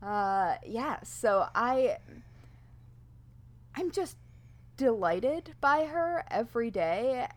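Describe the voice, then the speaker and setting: A woman's voice: a little high, animated, drawn-out words, pauses often. A woman co-hosting a podcast, chatting casually and playfully. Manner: playful, rhyming intro read in a hushed spooky tone. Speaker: podcast co-host. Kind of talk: casual chat.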